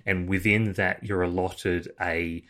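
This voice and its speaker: A man with a very deep, low voice talking through a video game in a relaxed, unscripted way. He thinks aloud and often pauses or restarts with fillers. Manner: thoughtful, with many fillers and restarts. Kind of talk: casual game discussion.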